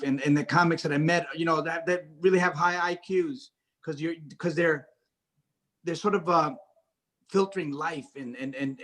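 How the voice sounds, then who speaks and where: A middle-aged man speaking on a video call as an interview guest, talking casually with lots of stammered restarts and self-deprecating jokes. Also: on the high side. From United States. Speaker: actor and director, interview guest.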